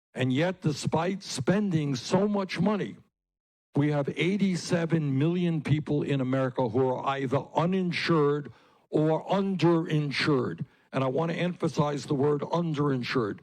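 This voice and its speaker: A man speaks to a crowd at a political rally. His delivery is emphatic and repetitive, and he hammers short phrases as his voice rises to loud, forceful peaks. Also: mid-range voice, low-quality recording. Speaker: political candidate. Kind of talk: campaign rally speech. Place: public rally.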